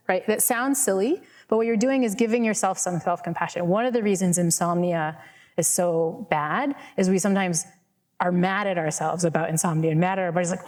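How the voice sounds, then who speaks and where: A woman's voice: fairly low pitch, brisk, darkish tone. A woman professor answering an audience question in a casual, chatty way with many fillers, speaking to a live room on a microphone. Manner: chatty, self-deprecating, many "right?" and "like" fillers. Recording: reverberant hall.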